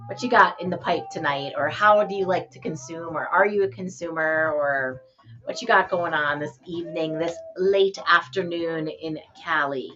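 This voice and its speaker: A woman's voice: sits low, normal speed, pushed and bright. A middle-aged woman hosting a live stream, chatting in a bubbly way and greeting viewers by name. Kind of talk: casual live-stream chat. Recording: dull lo-fi sound with faint music.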